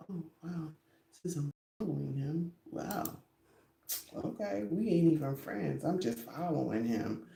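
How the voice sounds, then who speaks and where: A woman's voice: deep voice, animated, unhurried, gravelly, mellow, echoey room, a little hiss or hum. A woman hosting her own podcast, chatting casually and rambling, often breaking into giggles. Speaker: podcast host. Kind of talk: casual chat.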